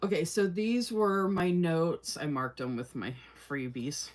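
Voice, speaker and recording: A woman's voice: lowish voice, slow. A woman hosting a casual livestream, chatting with viewers, reading their comments aloud and laughing often. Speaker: livestream host.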